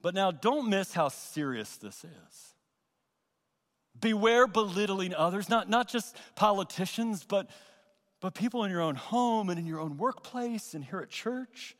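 Pastor guy preaching, high bright voice, slow and emphatic, big church reverb. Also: animated. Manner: earnest, emphatic preaching with pauses and repetitions. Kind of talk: sermon. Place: church sanctuary.

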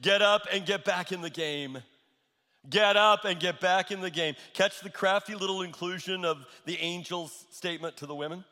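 A man's voice: sits high, moderate pace, sharp tone, big-room sound. A male pastor preaching a sermon, repeating his key lines for emphasis.

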